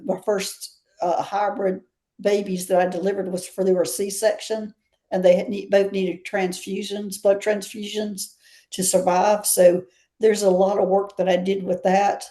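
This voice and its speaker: A woman's voice: medium pitch, little pitch movement, unhurried, dark tone. A woman with a Southern US accent, a guest chatting and telling stories in an interview, often laughing. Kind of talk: casual interview storytelling.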